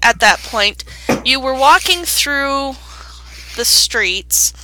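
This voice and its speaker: A young adult woman narrating a tabletop game as game master, unhurried, descriptive and playful. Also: high voice, expressive, sharp tone, no room sound.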